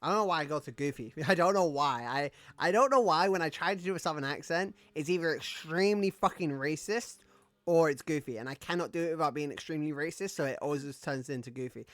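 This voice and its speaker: A male streamer chats casually while he plays, rambling through fillers and frequent swearing. His voice sits a little high, and the recording is dry and close. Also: fast, fairly bright tone, dry recording. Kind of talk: casual gaming stream chat.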